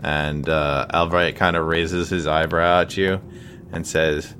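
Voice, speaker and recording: A man narrating as game master of a tabletop game, halting, with many fillers. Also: extremely low pitch, level tone, fairly bright tone, slight background noise.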